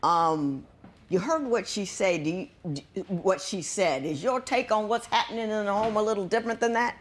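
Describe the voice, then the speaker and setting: A woman's voice: mid-range voice, normal speed. A woman presiding as judge on a courtroom TV show, asking pointed questions and scolding bluntly.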